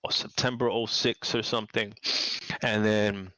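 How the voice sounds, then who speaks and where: A man talks as the guest in a casual interview. He rambles and repeats words, and his voice is low and smooth. The sound is dry and close. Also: level tone, measured pace, sharp tone, no echo, low-quality recording. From New York City. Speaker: podcast guest, game designer.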